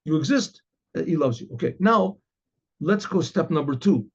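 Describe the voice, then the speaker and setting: Rabbi guy giving a casual torah class, kinda husky, dull lo-fi sound. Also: on the high side, expressive, moderate pace. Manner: chatty, acts out both sides of an inner dialogue; repeats and restarts phrases, reads Hebrew then translates. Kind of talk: informal Torah lesson. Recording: dull lo-fi recording.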